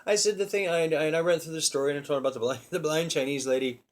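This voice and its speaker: A man's voice: a little high, racing. A man hosting a casual comedy show, telling stories in a rambling way with restarts and frequent laughter. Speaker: comedy podcast host.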